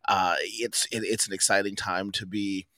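A man's voice: lowish voice, flat delivery, moderate pace, pushed and bright, dry recording. A man in his forties hosting a podcast, easygoing and rambling with a chuckle now and then. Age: 40s. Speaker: podcast host. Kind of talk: casual podcast chat.

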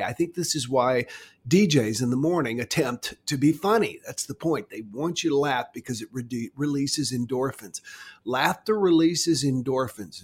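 A middle-aged man gently coaching listeners through a stress-relief exercise in a guided self-help talk. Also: medium pitch, slightly rough. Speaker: wellness guide.

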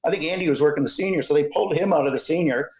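An older Canadian man telling animated umpiring stories in an interview, laughing often and acting out voices. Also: fairly high pitch, very fast, roomy sound, low-quality recording. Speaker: guest, retired umpire. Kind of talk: storytelling interview.

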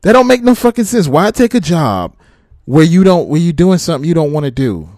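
Man, truck driver, profane laughing rant, lively swinging pitch, dry close sound. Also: fairly quick, no room sound. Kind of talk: casual rant to camera.

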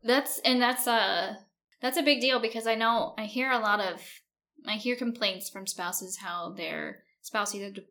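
Female co-host, military spouse, crisp, bright tone, casual and talkative. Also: medium pitch, measured pace. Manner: chatty, with many "like"s, often laughing. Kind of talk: casual chat.

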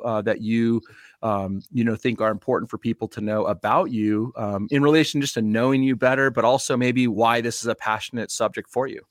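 A man's voice: medium pitch, dry recording, clean studio sound. A man hosting a podcast, speaking casually with many fillers and a friendly, rambling manner. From United States. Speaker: podcast host and pastor.

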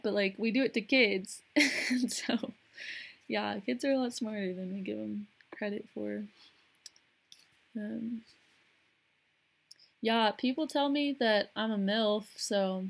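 A woman's voice: medium pitch, creaky. Young woman chatting alone on a podcast, lots of like and you know. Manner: rambling, frequent "like" and "you know", laughs often. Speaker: podcast host. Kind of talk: casual solo podcast monologue.

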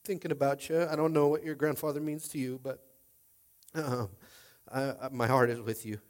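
A man's voice: medium pitch, fairly even intonation, normal speed. A middle-aged man pastor preaching a sermon in a casual, rambling way, full of fillers, tearful and emotional.

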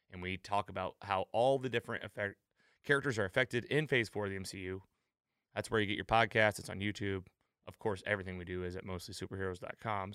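A man's voice: lowish voice, a bit bright, clear, resonant tone, dry recording, clean studio sound. A man hosting a podcast, talking casually and rambling a bit, with frequent fillers and restarts. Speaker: podcast host.

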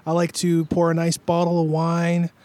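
A man co-hosting a casual podcast, telling absurd stories in a deadpan way, often stammering on restarts. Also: a little high, normal speed. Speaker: podcast co-host. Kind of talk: casual joking chat.

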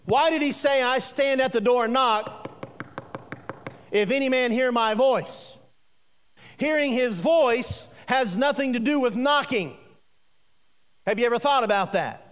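High-voiced preacher in a reverberant church. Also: male voice, clean tone. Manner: preaching with sudden drops to a hushed voice and slow emphatic stresses. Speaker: pastor. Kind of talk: sermon. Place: church sanctuary. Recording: long reverb of a church sanctuary.

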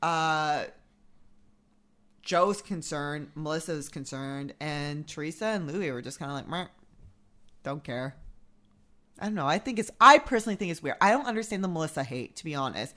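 A woman's voice: deep voice, lively intonation, brisk, fairly bright tone. A woman co-hosting a podcast in casual chat, blunt, swearing freely and laughing often. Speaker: podcast co-host.

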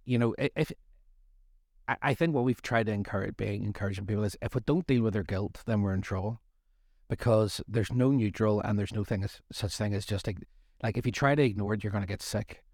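A man's voice: on the low side, brisk, darkish tone, dry recording, studio quality. A middle-aged man co-hosting a faith study series, talking in a rambling, jokey way with self-deprecating asides. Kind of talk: casual faith discussion.

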